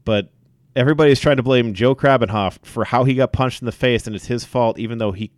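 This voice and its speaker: A man co-hosting a casual sports podcast, telling events in an animated way with many fillers. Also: mid-range voice, a little fast, no room sound, clean studio sound. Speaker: podcast co-host.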